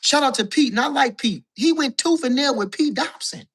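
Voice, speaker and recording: A man's voice: very high-pitched, lively intonation, moderate pace, fairly bright tone, breathy edge. A man calling in as a guest to a boxing talk show, ranting in casual, profane talk and hammering the same points again and again. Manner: profane, emphatic, repeats his points. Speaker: guest caller, boxing commentator.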